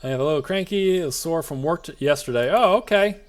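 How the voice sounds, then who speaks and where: Animated, rambling male game streamer. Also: fairly high pitch, fast talker. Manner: rambling, jokey, self-talking asides. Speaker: VTuber streamer. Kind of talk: live-streamed gameplay commentary.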